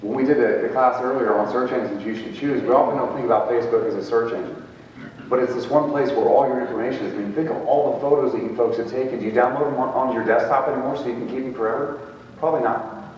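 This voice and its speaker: A man co-presenting a live seminar, bantering and chiming in with quick remarks. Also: medium pitch, steady tone, a little hiss or hum. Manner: fast, bantering, chimes in. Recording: echoey hall from far off, dull sound.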